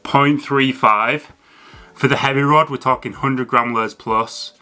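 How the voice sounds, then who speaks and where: A man hosting a fishing channel talks through his gear in a relaxed, chatty way, with plenty of fillers and restarts. His voice is bright and forward, and his pitch sits in the middle of the male range. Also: measured pace. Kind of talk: casual educational talk to camera.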